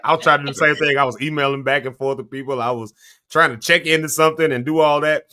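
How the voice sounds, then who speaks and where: Bright-voiced laughing male co-host. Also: fairly high pitch, fast. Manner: laughing, teasing, animated storyteller. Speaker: co-host of a morning talk show. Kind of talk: casual chat.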